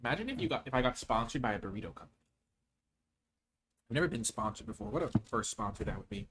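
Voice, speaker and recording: A man streaming a card game, talking low-key and joking, then breaking into loud theatrical cheers. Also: lively intonation, fast talker, pauses often, a little hiss or hum. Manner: playful, jokey asides. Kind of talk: live game-stream commentary.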